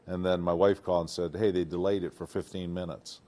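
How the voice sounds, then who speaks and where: An older man from Detroit, a retired football player, telling stories in a casual interview, animated and acting out what people said. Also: deep voice, brisk. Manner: animated, acts out quotes, laughs often.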